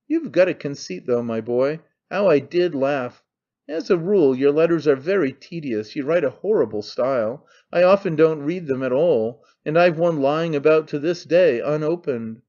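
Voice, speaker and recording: Man reading as a cynical young son, mocking, offhand, slightly high voice, dull lo-fi sound. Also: a little mellow, natural voice. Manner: sneering, offhand, needling.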